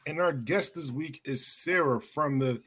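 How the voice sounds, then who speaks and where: A man's voice: a little high, unhurried, fairly bright tone, breathy edge. A young man hosting a podcast in casual chat, laid-back, laughing easily and swearing now and then. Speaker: podcast host.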